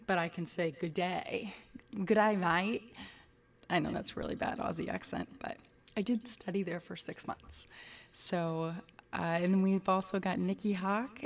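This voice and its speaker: A woman's voice: mid-range voice, gravelly, a little mellow, recorded from a distance. A woman hosting a casual livestream, greeting viewers by name and chatting loosely. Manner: chatty, reads out viewer names. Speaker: livestream host.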